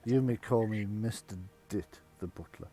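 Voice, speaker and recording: A man doing a hushed, gaunt old butler. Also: soft background music, lightly acted. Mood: stiff. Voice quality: low, hushed and drawn-out. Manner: weary, put-upon. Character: gaunt, pale old male butler, slow and sullen.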